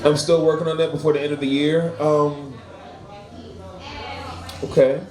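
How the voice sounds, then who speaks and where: A man's voice: fairly high pitch, flat delivery, normal speed. Profane stand-up man, echoey room. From Florida. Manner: loose, profane, laughs at his own jokes. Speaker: stand-up comedian at an open mic. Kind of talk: stand-up set. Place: bar or small venue. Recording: echoey room, crowd heard.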